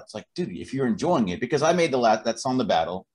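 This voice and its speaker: Animated, profane male podcast co-host. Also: mid-range voice, fast. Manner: profane, animated, repeats words as he builds a point. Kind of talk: casual chat.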